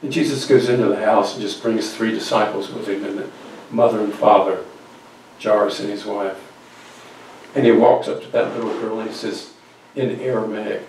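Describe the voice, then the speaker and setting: A man's voice: fairly low pitch, darkish tone, a little hiss or hum. Guy preaching a bible story, drops almost to a whisper, very echoey church, far from the mic. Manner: acts out quoted voices, drops to near whispers. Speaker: guest speaker. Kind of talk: storytelling sermon. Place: church sanctuary.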